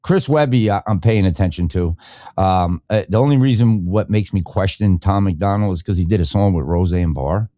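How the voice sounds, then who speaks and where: A man's voice: low voice, normal speed, dark tone, dry recording, clean studio sound. A middle-aged man hosting a podcast, ranting in a casual, rambling and profane way about his opinions. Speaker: podcast host. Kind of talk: casual live-stream rant.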